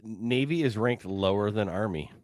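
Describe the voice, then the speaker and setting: A man's voice: lowish voice, normal speed, dry recording. Blunt male sports podcast co-host, dry sound. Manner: blunt, swears freely. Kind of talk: casual sports chat.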